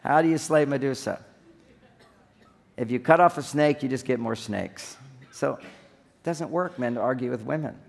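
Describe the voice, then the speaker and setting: A man's voice: medium pitch, normal speed, creaky, pauses often. A man giving a humorous seminar talk on relationships, acting out little scenes as he goes. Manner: joking, acts out little scenes. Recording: long hall reverb.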